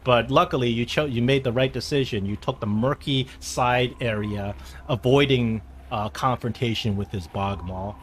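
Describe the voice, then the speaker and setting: Man, game master, tabletop game narration, halting, mid-pitched, faint background hiss. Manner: halting, many fillers and restarts, laughs easily.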